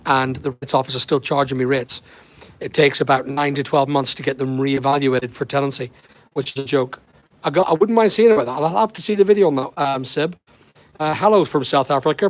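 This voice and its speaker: A man with a Northern Irish accent, hosting a casual live stream and chatting with viewers by name in a rambling way. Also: on the high side. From Northern Ireland. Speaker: livestream host. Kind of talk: casual live chat reading viewer comments.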